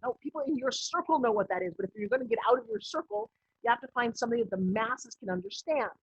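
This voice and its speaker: A woman business coach giving a recorded online course lesson in a lively, conversational way, acting out bits of dialogue. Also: fairly high pitch, fast, breathy edge, no echo. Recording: slightly muffled lo-fi audio.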